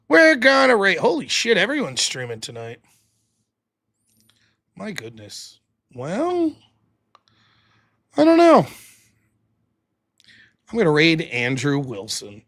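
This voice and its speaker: On a clean studio recording with no echo, a male live streamer talks in a mid-range voice that sounds pushed and bright. He's hosting his own late-night show, rambling loosely and cursing without restraint.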